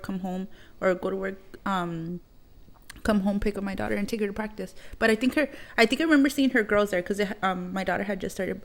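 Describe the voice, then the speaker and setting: A woman in her thirties hosts a podcast and tells a personal story in loose, casual chat. She speaks bluntly and swears heavily, and she rambles with plenty of fillers. Her voice sits at an ordinary pitch. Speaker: podcast host.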